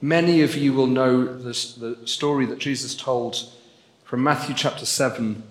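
A man's voice: medium pitch, measured pace. A man preaching a sermon, earnest and building to emphatic repetition. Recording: echoey hall with long reverb.

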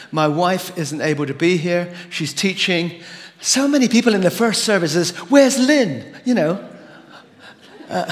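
A man's voice: a little high, a bit bright. An older man, a former pastor, preaching a sermon with rambling asides and many fillers. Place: church sanctuary. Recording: long hall reverb.

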